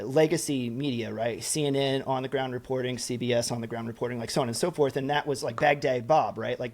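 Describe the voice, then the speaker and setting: Male podcast co-host, mid-pitched voice, loose conversational delivery, plenty of restarts. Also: darkish tone. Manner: rambling, many restarts, talks through ideas. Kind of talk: casual chat.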